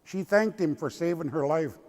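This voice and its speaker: An older man from the Lummi Nation, a tribal elder telling a traditional story in a slow, deliberate way. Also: a little high, expressive, a little mellow. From Lummi Nation, Pacific Northwest. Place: cathedral. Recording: long cathedral reverb.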